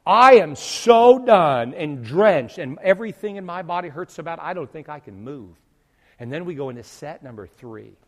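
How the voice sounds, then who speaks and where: A middle-aged male pastor telling a humorous story in a sermon, jumping from loud exclamations to quiet asides. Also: fairly high pitch, animated, moderate pace, big-room sound.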